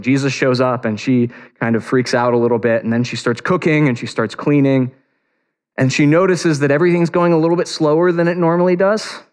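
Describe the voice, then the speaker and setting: A man giving a sermon in a casual, conversational way, retelling a story with lively, animated touches and frequent restarts. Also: mid-range voice. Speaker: preacher. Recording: long reverb of a large hall.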